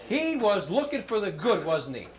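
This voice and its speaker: A man giving a motivational talk to schoolchildren, telling jokes in an animated, hammy storytelling manner in a school hall. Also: high-pitched, moderate pace, crowd noise. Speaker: motivational speaker. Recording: roomy hall with faint background noise.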